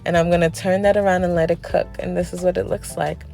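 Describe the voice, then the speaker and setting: A woman's voice: fairly low pitch, little pitch movement, quick pace, creaky, dark tone, soft background music. A young woman narrating a casual cooking video, chatty, often tagging her lines with "okay?" and "honey". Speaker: cooking vlogger.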